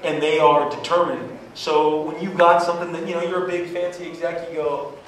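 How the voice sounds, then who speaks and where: Animated man telling stories in an echoey hall. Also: fairly quick, a little hiss or hum. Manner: energetic, acts out quotes with sudden high-pitched outbursts. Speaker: comics creator on a convention panel. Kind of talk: animated storytelling on a panel. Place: large convention hall. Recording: echoey hall from far off with crowd.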